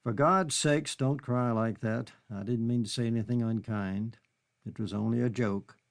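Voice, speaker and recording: A charming, smooth-talking gentleman with a deep, coaxing voice, as a male narrator plays him. A gravelly texture runs under the easy persuasion. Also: fairly even intonation, moderate pace, lightly acted.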